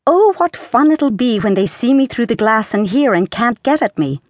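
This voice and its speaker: A woman's voice: on the high side, animated, moderate pace, darkish tone, no room sound, studio quality, pitched above the performer's own voice, natural voice. A woman voicing a curious, polite young girl in a storybook, sounding eager and full of wonder.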